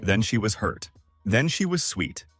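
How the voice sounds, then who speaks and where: A man's voice: fairly low pitch, unhurried, soft background music. Man narrating a dramatic story. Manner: dramatic, lively first-person storytelling.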